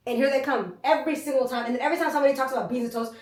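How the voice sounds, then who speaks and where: A woman's voice: high voice, fairly even intonation, very fast, few pauses. A young woman from the United States co-hosting a casual podcast chat, blunt and emphatic, repeating her points. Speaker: podcast co-host. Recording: roomy echo, mic at a distance.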